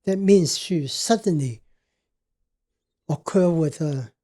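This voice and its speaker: Slow, halting older man. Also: fairly high pitch, mellow. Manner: halting, searching for words. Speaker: podcast guest. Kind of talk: personal storytelling.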